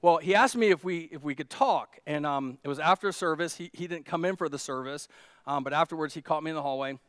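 A man's voice: a little high, fast talker, a bit bright, clean tone, no echo, studio quality. A male pastor, preaching a conversational sermon in a storytelling way, with restarts and fillers, building to emphatic peaks. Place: church.

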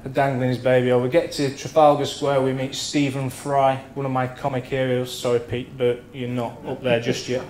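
A man's voice: medium pitch, little pitch movement, normal speed, few pauses, darkish tone. Guy in his 30s doing an after-dinner speech, crude stories n swearing, roomy hall, faint crowd hum behind. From England. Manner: bawdy, swearing storyteller acting out characters. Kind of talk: after-dinner anecdote telling. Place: function room at a dinner.

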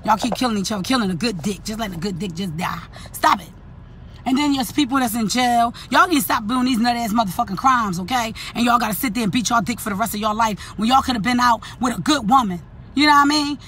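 A woman's voice: on the high side, a bit bright, slight background noise. A woman, ranting bluntly and profanely to her viewers about relationships in an unscripted vlog. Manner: blunt, profane, preachy, addresses viewers directly. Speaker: vlogger. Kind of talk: unscripted relationship rant to camera.

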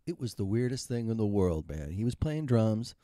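A man in his fifties tells his story in a wry, rambling, self-mocking way. His voice is lowish and mellow. The sound is dry and close, with no room around it. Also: very animated, normal speed, no room sound. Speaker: retired musician telling his story. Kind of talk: humorous storytelling monologue.

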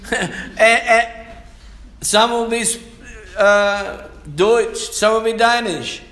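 A man's voice: high voice, steady tone, extremely slow, a bit bright. A man preaching a sermon as pastor, reading scripture aloud and calling for amens. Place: church hall. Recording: echoey church hall.

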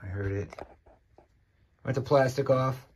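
A man with a slightly rough, mid-range voice talks a little slowly as he teases and chats with his cat. He's filming on a handheld camera at his rural mountain home, sitting by a fire.

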